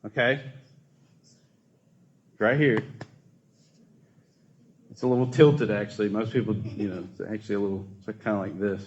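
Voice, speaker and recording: A man's voice: on the low side, fairly even intonation, normal speed, pauses often, muffled recording. A man leading a casual church youth group talk, chatty and asking the group questions.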